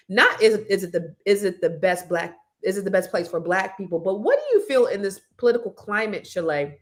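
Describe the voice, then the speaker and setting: A woman from California hosting a casual panel talk show, chatty and playful. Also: mid-range voice. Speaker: host.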